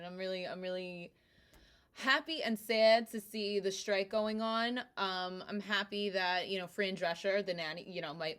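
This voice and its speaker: Animated New woman guest. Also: fairly low pitch. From Brooklyn, New York. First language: Italian. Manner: animated storyteller, quick asides. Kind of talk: casual chat.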